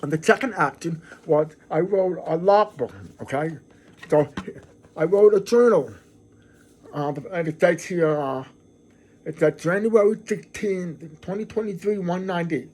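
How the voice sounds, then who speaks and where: A middle-aged man with a notably high-pitched voice hosts his own vlog in a loose, casual way. He is earnest and effusive, circling back and repeating words as he talks, and his sentences keep restarting. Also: unhurried, a little mellow, a little hiss or hum. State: emotional, near tears. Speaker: channel host. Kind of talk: casual talking-to-camera vlog.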